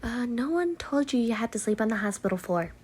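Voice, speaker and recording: A woman's voice: fairly high pitch, lively intonation, brisk, a little mellow, breathy edge. A woman voicing a sensible, rule-following young friend who speaks dryly and matter-of-factly, in an amateur role-play.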